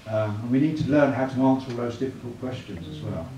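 A man's voice: mid-range voice, expressive, fast talker, mellow, lo-fi sound. A man giving a church evangelism talk, chatty, often asking the room tag questions. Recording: echoey room, mic far off, clear noise.

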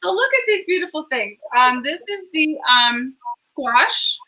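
Bright, high-voiced woman chatting while cooking. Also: sing-song, measured pace, poor audio. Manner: chatty, rambling, enthusiastic about food. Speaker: cooking show host. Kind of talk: casual cooking chat. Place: home kitchen.

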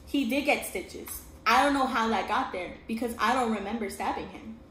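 A woman's voice: fairly high pitch, normal speed. A young woman telling a painful personal story in earnest, often checking in with "okay?". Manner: earnest, repeats "okay?" to the listener. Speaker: vlogger telling her story. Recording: echoey room with steady noise.

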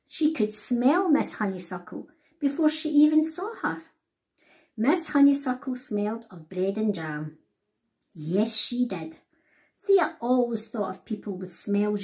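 A woman reads her children's picture book aloud, talking straight to the young listeners. Her voice is animated, swooping up and down with wide, lively pitch. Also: measured pace. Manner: animated, addresses children directly. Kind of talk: storybook read-aloud for children.

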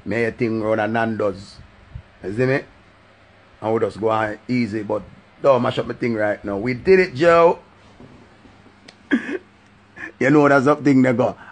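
A man with a Jamaican accent, talking in patois on his live stream in an animated, sing-song way and often repeating a catchphrase. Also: lowish voice. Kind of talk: casual live-stream rant.

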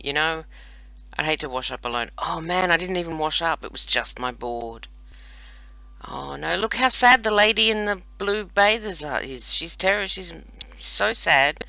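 A man's voice: a little high, sharp tone, no room sound. An Australian man around forty, chatting playfully and mocking himself as he plays a video game. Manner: chatty, self-mocking, playful running banter. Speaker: let's play host. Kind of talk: casual gameplay commentary.

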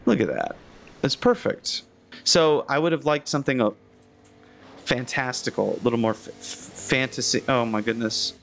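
A young adult man giving chatty live commentary as he plays a video game, critiquing its buildings with frequent restarts and sudden high-pitched exclamations. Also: animated, normal speed, gravelly, a bit bright, a little hiss or hum.

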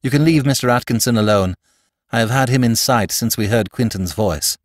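A man playing a calm, perceptive priest detective who speaks in a measured undertone and turns firm when he takes command. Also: medium pitch, no echo, studio quality, close to an everyday voice. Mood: quietly intense.

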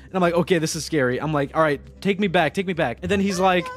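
Excitable young man telling a rambling story. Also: fairly high pitch, quick pace, soft background music. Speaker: streamer. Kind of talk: casual gaming stream chat.

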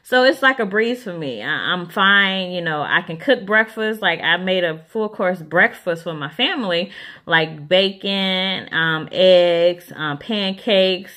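A woman's voice: fairly low pitch, animated, unhurried, bright, forceful tone. A woman, chatting casually to camera as a vlogger, rambling with lots of ums.

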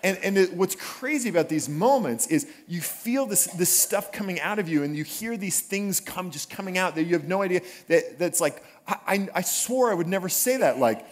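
A man's voice: high voice, normal speed, few pauses. A pastor preaching to his church, telling a funny personal story and then moving into scripture. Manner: humorous storytelling, animated asides. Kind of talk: conversational sermon. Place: church sanctuary.

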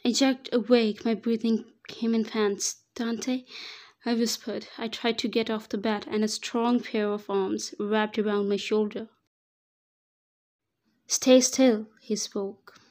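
A woman's voice: fairly high pitch, little pitch movement, normal speed, few pauses, a little mellow. A woman reading a story aloud in the first person, with an emotional, dramatic delivery. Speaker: story reader. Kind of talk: dramatic reading of fan fiction.

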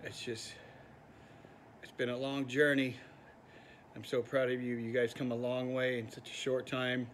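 A man speaks a heartfelt birthday message from his garage, pausing now and then as he searches for words. Faint room noise hangs behind his voice. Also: medium pitch, little pitch movement. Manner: heartfelt, a little halting.

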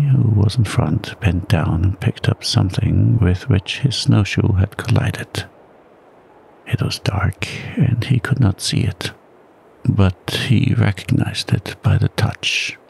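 A man reads a bedtime story in a calm, soft-spoken ASMR manner. His very deep voice moves slowly with a gravelly texture. A faint blizzard wind blows behind him. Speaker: narrator. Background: blizzard wind sound.

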